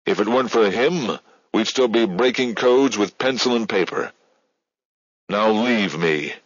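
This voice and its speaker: A man's voice: on the low side, lively intonation, a little slow, a bit bright, no room sound, pitched above the performer's own voice, heavily acted. A man doing a cold, domineering agency director. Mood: angry, commanding. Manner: cold, curt, commanding. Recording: dull, lo-fi dry studio.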